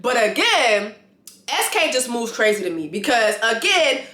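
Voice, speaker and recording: A woman with a bright, fairly high voice, ranting bluntly about a reality show and swearing freely. She talks in an animated, casual vlog style. The room adds a noticeable echo. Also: a little slow. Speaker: vlogger reviewing a reality show. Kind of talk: casual opinionated vlog rant. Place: lives in Atlanta.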